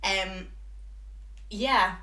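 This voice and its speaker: A woman's voice: mid-range voice, drawn-out words, bright, forceful tone. A young woman co-hosting a casual podcast, talking frankly and swearing freely as she mocks herself. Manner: frank, sweary, self-mocking. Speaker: podcast co-host. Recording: echoey room.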